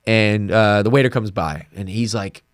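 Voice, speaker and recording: A man's voice: lowish voice, normal speed, clear, resonant tone, no room sound, studio quality. A young man hosting a podcast, telling a story in casual chat and acting out the voices of the people in it. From United States. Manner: animated, acts out quoted voices, laughing. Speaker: podcast host.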